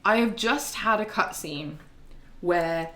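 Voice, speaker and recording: A woman's voice: medium pitch, takes it slowly, sharp tone, roomy sound. A young woman streaming a game and recapping its story in a casual, chatty, sweary way. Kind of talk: casual chat.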